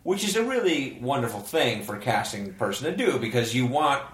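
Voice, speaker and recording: A man's voice: medium pitch, very animated, a little fast, reverberant. A man co-hosting a podcast, telling audition stories in casual comedic chat and acting out what others said. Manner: storytelling, acts out quoted voices. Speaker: podcast co-host.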